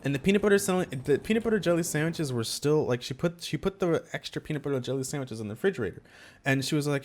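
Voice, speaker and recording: Rambling high-voiced young man telling a story. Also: animated, very fast. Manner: rambling with many restarts, gets worked up and loud. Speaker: podcast host telling a story. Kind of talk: casual storytelling chat.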